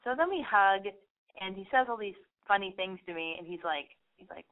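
A woman's voice: mid-range voice, normal speed. A woman hosting a radio show, telling stories in a casual, rambling monologue full of swearing. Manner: profane, rambling and animated storytelling. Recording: tinny phone-like radio sound.

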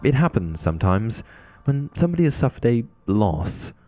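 A man voicing a mournful, resigned old male ghost who speaks quietly. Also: medium pitch, very animated, normal speed, faint music behind, pitched above the performer's own voice, natural voice.

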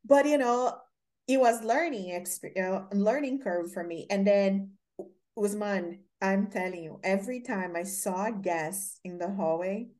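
A woman's voice: mid-range voice, measured pace, darkish tone. A woman from Brazil with a Brazilian accent, hosting an interview and telling rambling stories full of fillers. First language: Portuguese. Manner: rambling storytelling with many fillers. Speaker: host. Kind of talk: casual interview chat.

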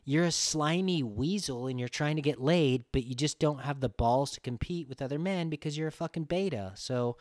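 A man's voice: a little high, normal speed, hardly any pauses, darkish tone, no echo, studio quality. A man hosting a podcast, talking bluntly in a profane, ranting casual chat. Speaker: podcast host.

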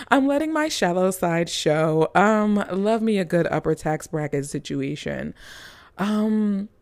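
A woman's voice: fairly low pitch, lively intonation, slow, long pauses, darkish tone, dry recording. A woman reviewing movies in a casual, chatty, gushing manner with playful asides.

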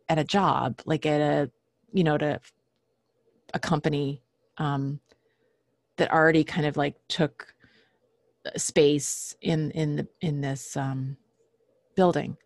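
A woman telling a personal story casually, halting often with fillers and restarts and clearing her throat now and then. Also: sits low, dry recording.

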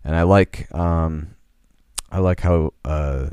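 A man's voice: rumbling low, steady tone, slow pace, darkish tone, clear, resonant tone, no echo. A young man co-hosting a podcast in casual chat, rambling and laughing as he talks. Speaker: podcast co-host.

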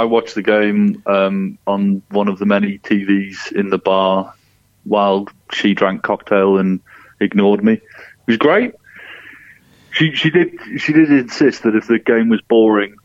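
Low-voiced man on a dull lo-fi line. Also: fairly even intonation, normal speed, no room sound. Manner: self-mocking, jokey storytelling. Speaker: podcast regular. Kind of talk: casual football podcast chat.

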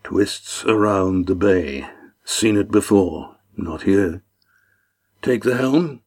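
Man playing a terse old sailor, gruff, slow and clipped, storybook reading. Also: on the low side, animated, a little mellow, heavily acted. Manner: clipped, dropping words.

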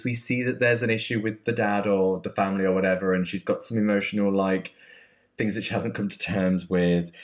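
A man co-hosting a podcast, reviewing a film in casual, rambling chat with many restarts. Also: fairly low pitch. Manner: chatty, rambling with restarts and laughs. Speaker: podcast co-host.

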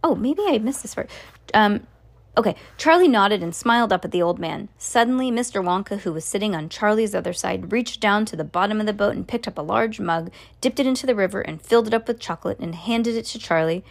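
A woman's voice: mid-range voice, fairly quick, creaky. A woman reading a children's book aloud in a casual way, correcting slips and adding asides. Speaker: reader.

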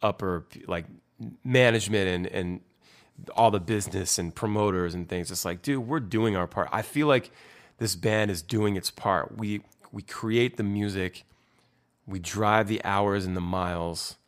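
Young male band singer, deep voice, loose and candid, rambling with frequent swearing. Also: fairly even intonation, measured pace, clean tone. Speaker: band singer explaining his lyrics. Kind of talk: casual talk about song lyrics.

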